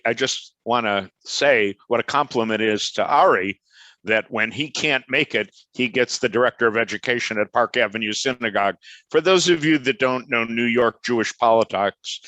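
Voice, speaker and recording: A man's voice: medium pitch, moderate pace, pushed and bright, no echo, rough recording. An older man from Chicago with a Chicago accent, a professor giving an online lecture over a video call in a conversational, anecdotal way that often wanders. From Chicago, USA.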